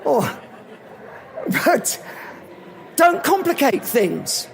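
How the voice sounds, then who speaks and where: A man giving a live motivational talk at an event, telling animated anecdotes. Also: very high-pitched, extremely slow, creaky, slight background noise. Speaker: motivational speaker.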